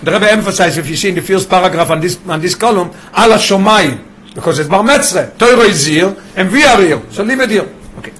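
High-voiced man teaching. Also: animated, fairly quick, a bit bright. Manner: mixes English with Yiddish and Hebrew terms, explains with examples. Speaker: Torah teacher. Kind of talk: classroom Torah lesson.

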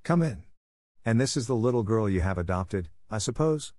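A man's voice: on the low side, animated, moderate pace, a little mellow, no room sound, clean studio sound, lightly acted. A man voicing a strict, resolute mother with formal politeness, in a storybook reading. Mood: cordial. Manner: raised, formal cordiality.

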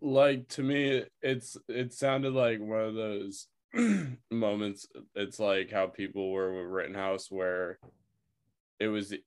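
Male co-host, easygoing, fairly low voice. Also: slow pace, smooth. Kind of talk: casual chat.

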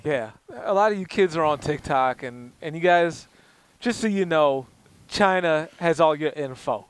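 A man's voice: fairly high pitch, expressive, unhurried, clean tone. A man co-hosting an improvised comedy live stream, talking in a sarcastic, mocking way. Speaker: comedy show co-host.

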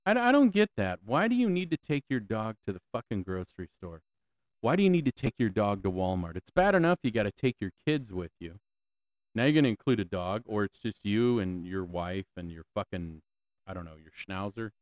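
A man's voice: lowish voice, big pitch swings, a little fast, no echo. A man hosting a solo podcast, ranting with lots of swearing, repeated questions and stammering restarts, on a close mic. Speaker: podcast host.

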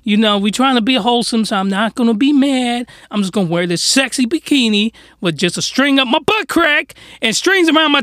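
A man's voice: sits high, sharp tone, dry recording, clean studio sound. A man voicing a jealous young woman, a wronged girlfriend, in an exaggerated, whiny way.

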